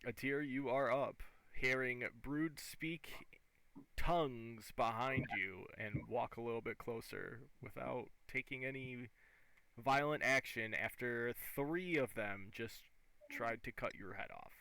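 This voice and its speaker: Gravelly bright-voiced male game master. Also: mid-range voice, measured pace, rough recording. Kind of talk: narrating a tabletop game.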